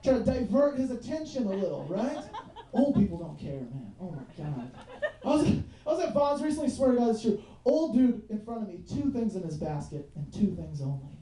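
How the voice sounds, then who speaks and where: A young man works a small club crowd with a loose, profane stand-up set, constantly checking in with "you know what I mean". His voice is mellow and relaxed. The sound is roomy and a little distant from the mic. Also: sits high, brisk. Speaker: stand-up comedian.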